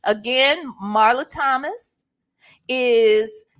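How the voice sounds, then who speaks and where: Woman, livestream host, high-pitched, slow, drawling, chatty, emphatic asides. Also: a bit bright. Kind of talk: casual live-stream chat, greeting viewers.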